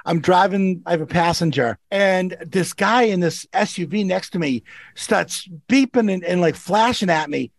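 Gravelly high-voiced man. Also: normal speed, no echo. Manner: laughing, stumbling restarts. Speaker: co-host, rideshare driver. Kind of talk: casual chat, storytelling.

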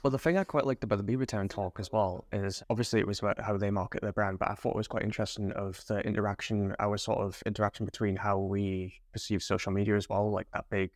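A young man with a lowish voice speaks quickly and casually, cracking jokes between his points. The sound is close and dry with no room to it. He comes across as relaxed and playful. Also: dry recording. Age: young adult. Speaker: podcast co-host. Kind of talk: casual chat.

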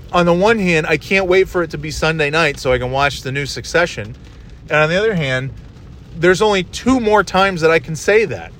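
A man's voice: a little high, fairly bright tone, a little hiss or hum. Rambling man talking while driving. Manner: rambling, swears casually. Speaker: solo podcast host. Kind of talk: casual monologue while driving. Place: inside a car.

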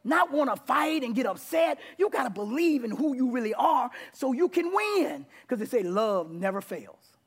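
A man preaching to a church congregation, animated, mixing shouts and laughter. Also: very high-pitched, moderate pace, breathy edge. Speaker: pastor. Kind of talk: sermon.

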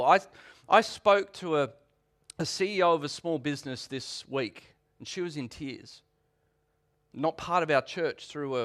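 Male pastor, sermon, slightly high voice, casual and animated. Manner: conversational preaching with a rising, animated delivery.

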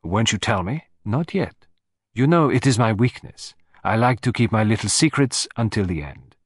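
A man's voice: on the low side, lively intonation, moderate pace, slightly rough, dry recording, clean studio sound. A man voicing a fussy, shrewd older Belgian detective, precise and self-satisfied in his delivery. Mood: coy.

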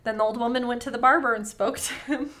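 A woman's voice: fairly high pitch, steady tone, fast, a bit bright. An American woman co-hosting a casual podcast, reading folktales aloud and breaking in with profane, joking asides. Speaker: podcast co-host.

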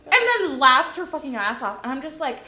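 A woman's voice: high voice, very animated, a little fast, bright, forceful tone. Blunt, swearing young woman. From US Midwest. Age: young adult. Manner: blunt, profane and indignant. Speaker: podcast co-host. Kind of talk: casual chat. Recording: echoey room.

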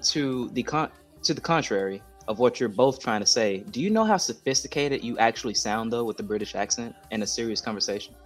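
A man's voice: medium pitch, lively intonation, a little fast, faint music behind. A man chatting on a podcast as a guest, talking in a hesitant, blunt way with many restarts. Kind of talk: casual chat.

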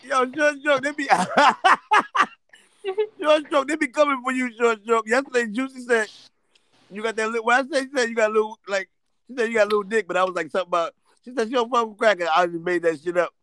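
A man's voice: very high voice, brisk, pushed and bright. A man hosting a casual chat, teasing the others with crude banter and frequent laughter.

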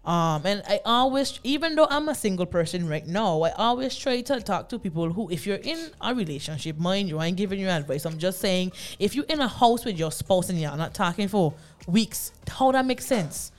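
Animated woman telling a story. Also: a little fast. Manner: animated storyteller, acts out quoted lines in a much higher voice. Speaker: podcast co-host. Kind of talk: casual group chat.

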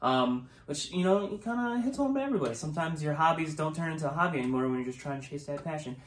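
This co-host talks through a movie in an easy, meandering way and often pauses on "um." The voice sits in a middling register. The recording has a noticeable roomy echo. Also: medium pitch. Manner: relaxed and rambling, with many "um"s. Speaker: podcast co-host. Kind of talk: casual movie review chat. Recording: echoey room.

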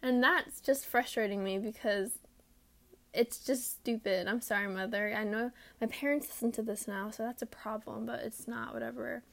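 A woman's voice: a little high, fairly even intonation, moderate pace, gravelly, a bit bright. A young woman hosting her own podcast alone, rambling casually and mocking herself with lots of fillers. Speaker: podcast host. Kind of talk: casual solo podcast chat. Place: her room.

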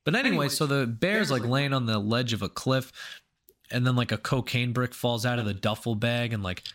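A man co-hosting a casual movie review podcast, retelling scenes with shouted impressions and swearing. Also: mid-range voice, moderate pace. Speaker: podcast co-host.

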